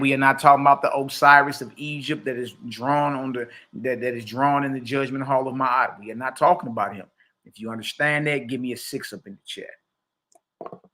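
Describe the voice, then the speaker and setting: A man's voice: mid-range voice, pushed and bright. A man leading a livestreamed scripture study, reading passages aloud and explaining them in casual slang while checking in with his listeners. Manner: reads passages aloud, then paraphrases. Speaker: teacher.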